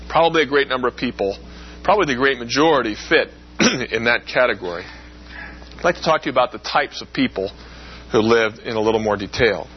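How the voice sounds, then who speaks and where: A man lecturing in a relaxed, conversational way, explaining with everyday comparisons. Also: medium pitch, brisk, highs cut off, a little hiss or hum. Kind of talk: classroom lecture.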